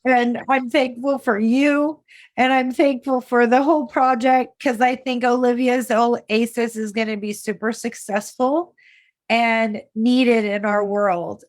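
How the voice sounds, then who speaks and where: A woman hosting an interview podcast, speaking in an emotional, warm-hearted way. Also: a little high, steady tone, unhurried, dry recording. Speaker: podcast host. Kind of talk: interview conversation.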